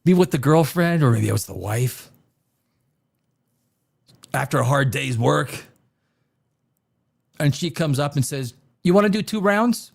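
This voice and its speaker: A man's voice: mid-range voice, a little slow, vocal fry, pauses often, husky. A middle-aged man hosting a casual livestream, rambling and joking, often laughing at himself. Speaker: livestream host.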